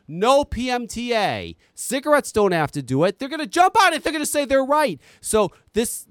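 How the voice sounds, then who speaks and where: A man's voice: high-pitched, no echo. A man ranting on a podcast, exasperated and profane, talking close to the mic. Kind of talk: heated podcast commentary.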